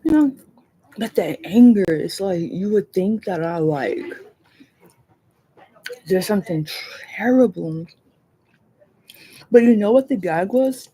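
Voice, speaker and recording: Mellow-voiced woman ranting on a livestream. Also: medium pitch, moderate pace, husky. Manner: rambling, animated, swears freely, laughs often. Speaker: livestream host. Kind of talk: casual livestream chat.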